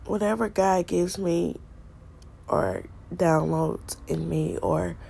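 A woman's voice: fairly low pitch, fairly even intonation, slow, creaky, dark tone, husky. A middle-aged woman hosting a faith podcast, stuffy and congested from a cold, earnestly repeating her points like a preacher. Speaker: podcast host.

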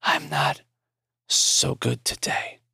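A man voicing a frail, dying elderly professor in a whispered role-play, thin and raspy, speaking in short breathy bursts. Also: slow pace, sharp tone, no room sound, clean studio sound. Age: older.

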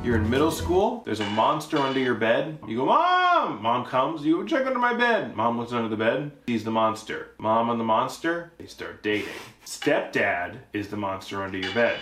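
A man co-hosting a podcast, improvising comedy bits with lively put-on voices. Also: mid-range voice, normal speed, hardly any pauses. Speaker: podcast co-host. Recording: roomy echo with faint noise.

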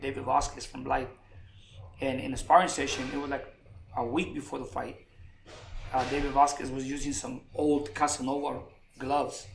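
A man, a boxing coach, telling stories in a relaxed way during a casual interview, often repeating words as he goes. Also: mid-range voice, vocal fry. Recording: echoey room with faint music.

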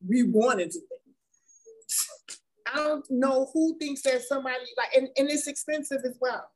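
With slight background noise and poor audio, a woman whose voice sits high talks at normal speed. She gives candid testimony about being married to an incarcerated man, emphatic and conversational, laughing and repeating her words.

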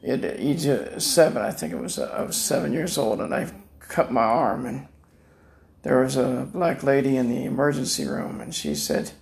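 A man's voice: mid-range voice, expressive, moderate pace, creaky, a little mellow. An older man in chronic pain, rambling through a personal monologue as a podcast guest from a room at home, repeating words and laughing at his own jokes.

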